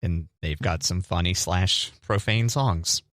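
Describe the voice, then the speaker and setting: A man's voice: low voice, measured pace, fairly bright tone, no echo, clean studio sound. A middle-aged man co-hosting a radio show, chatting casually and joking with a teasing manner. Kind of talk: casual banter.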